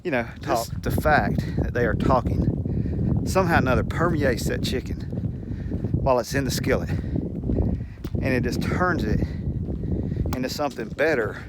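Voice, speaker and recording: A man's voice: medium pitch, normal speed. A man telling a rambling, folksy story to the camera and chuckling as he goes, recorded at home with a faint hum behind him. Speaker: channel host.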